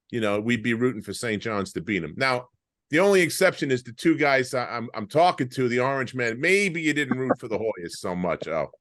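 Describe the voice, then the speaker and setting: A man's voice: mid-range voice, a bit bright, no room sound, clean studio sound. A man in his late fifties with a Long Island accent, hosting a casual podcast, rambling and dropping "you know" constantly over a video call. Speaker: podcast host, former player.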